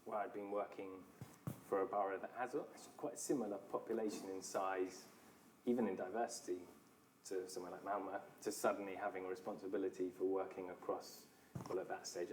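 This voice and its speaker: A man, an architect with a British accent, answering audience questions in a thoughtful, measured way with some hesitations. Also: low-pitched, little pitch movement, noisy background. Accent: British English. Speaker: city architect, guest speaker.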